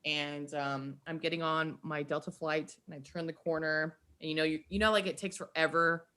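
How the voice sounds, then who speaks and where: A woman guest on a podcast, telling stories in a lively, chatty way, laughing often and acting out quotes. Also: sits low, normal speed. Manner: animated, laughs often, acts out quoted voices. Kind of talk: casual storytelling chat.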